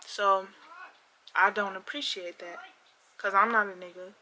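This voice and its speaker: A woman's voice: mid-range voice, steady tone, a little slow, pauses often, pushed and bright, slight background noise. A young woman telling a personal story on her vlog, acting out both sides of an argument with emphasis.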